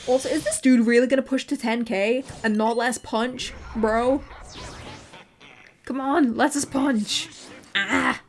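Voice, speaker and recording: A woman's voice: fairly high pitch, measured pace, a little hiss or hum. A woman from northern England who streams as a VTuber, with a mixed British and American accent, chatting casually and rambling while she plays a game. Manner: chatty, rambling, easily excited.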